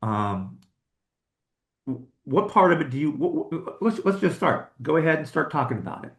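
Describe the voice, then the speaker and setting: A man's voice: a little high, very animated, normal speed, gravelly, reverberant. A man hosting a casual chat who asks the questions, often stumbling over and repeating his words. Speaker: podcast host.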